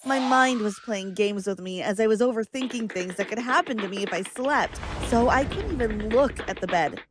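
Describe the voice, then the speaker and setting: A woman's voice: mid-range voice, normal speed, background noise. A woman reading a scripted first-person story with earnest, dramatic delivery. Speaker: story narrator.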